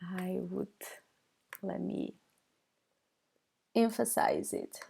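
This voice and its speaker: Brazilian woman, Portuguese native, slow halting live language teacher, lots of fillers. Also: medium pitch, gravelly, mellow, a little hiss or hum. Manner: addresses viewers as guys, checks with okay. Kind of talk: live online language lesson.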